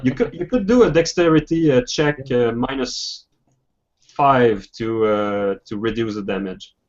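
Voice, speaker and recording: A man narrates as game master, stopping and restarting his sentences often. His voice sits at an ordinary pitch. The audio is dull and lo-fi, like an online voice call. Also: darkish tone. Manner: halting, many restarts and fillers.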